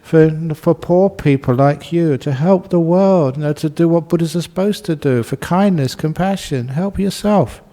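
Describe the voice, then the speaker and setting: A man voicing a kind, generous male abbot who calmly speaks to a burglar in a told story. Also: fairly high pitch, moderate pace, hardly any pauses, pitched above the performer's own voice, natural voice. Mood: patient. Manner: gentle, patient, offering.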